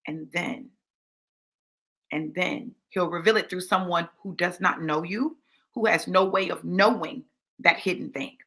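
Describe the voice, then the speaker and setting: A woman's voice: fairly low pitch, normal speed, a bit bright. A woman preaching a sermon in a sassy, conversational way, repeating phrases for emphasis. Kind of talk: sermon teaching.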